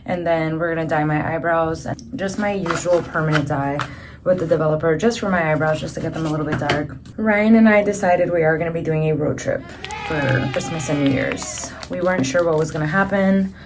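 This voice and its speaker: A woman's voice: deep voice, fairly quick, noisy background. A young woman vlogging casually, chatty and upbeat, with lots of fillers. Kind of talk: casual vlog narration. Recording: background music under voice.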